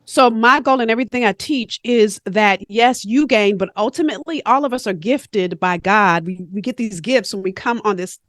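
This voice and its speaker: A woman guest on a podcast interview who coaches others, talking in an animated, emphatic storytelling way. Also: medium pitch, normal speed, hardly any pauses, dry recording, studio quality.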